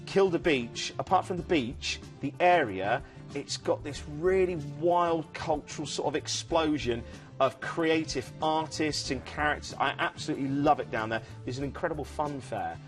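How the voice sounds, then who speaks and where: In a TV studio, a man presents a cruise sales show with soft background music behind him. His voice is a little high and his pace moderate as he chats enthusiastically, rambling with fillers in a casual sales style.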